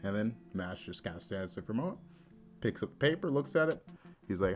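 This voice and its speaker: A man's voice: fairly low pitch, lively intonation, a little fast, faint music behind. Chatty man recapping a comic. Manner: chatty, amused. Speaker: manga reviewer. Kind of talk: casual recap narration.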